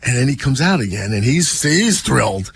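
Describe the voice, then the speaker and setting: A man's voice: medium pitch, sing-song, moderate pace, vocal fry, a little hiss or hum. A man co-hosting a sports radio show, telling a joke as a story in casual banter. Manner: storytelling, playful voices in anecdotes. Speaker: radio co-host.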